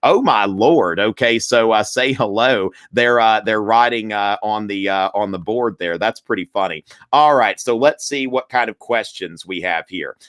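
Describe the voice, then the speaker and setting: A man's voice: fairly low pitch, moderate pace, few pauses, a bit bright. A man runs a live-streamed history review, talking straight to his viewers in a loose, chatty way. He fills his sentences with ums and uhs and keeps calling his audience y'all. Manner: chatty, filler-heavy, addresses viewers as y'all.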